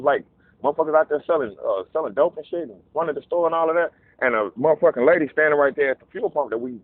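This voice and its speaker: A man telling a casual, profane story, animated and acting out voices in quotes. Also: mid-range voice, no room sound. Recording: narrow phone-like dry sound.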